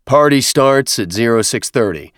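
A man voicing a commanding military captain who shouts on the parade ground but stays friendly and relaxed in conversation. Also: normal speed, no echo, clean studio sound, natural voice. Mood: easygoing. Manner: booming parade-ground calls, easy officer's banter.

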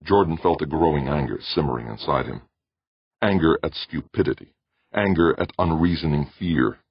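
A man narrates an audiobook with a deep, husky voice and a lively rise and fall. The recording is dull and lo-fi in a dry, close space. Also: moderate pace, no echo. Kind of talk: scripted narration.

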